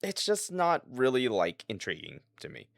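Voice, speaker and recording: A man co-hosting a podcast, talking in a halting, animated way and laughing easily. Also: mid-range voice, vocal fry, no room sound, clean studio sound. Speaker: podcast co-host. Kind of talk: casual chat.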